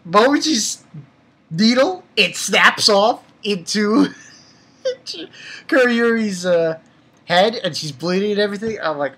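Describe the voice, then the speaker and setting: A young adult anime reviewer giving a casual episode recap, rambling and excitable and swearing freely. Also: mid-range voice, husky.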